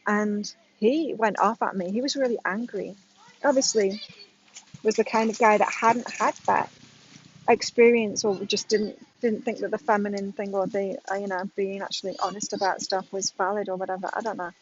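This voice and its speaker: A woman in her late forties speaks candidly to camera, telling a personal story as part of an astrology reading. Her voice sits at an ordinary middle pitch, and she keeps drawing listeners in with direct questions. The recording is slightly dull and lo-fi. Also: steady tone, normal speed, slight background noise. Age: 40s. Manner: candid, frank, addresses viewers directly with "right?". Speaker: astrology reader.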